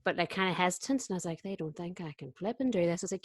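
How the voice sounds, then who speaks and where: A woman's voice: fairly low pitch, fast talker, hardly any pauses, dry recording. A young adult woman, an actor and podcast guest, chatting casually and acting out her own thoughts as she tells a story. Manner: lively storyteller, acts out her own inner voice. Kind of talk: casual chat.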